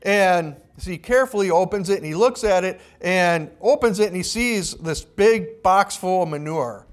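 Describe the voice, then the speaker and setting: A man's voice: high voice, normal speed. A male pastor preaching a sermon, telling a story with acted-out quotes and some restarts.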